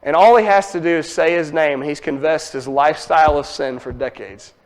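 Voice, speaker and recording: Preacher man, Ozarks accent, high-pitched, emphatic animated sermon. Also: fairly quick. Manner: animated, emphatic teaching with asides.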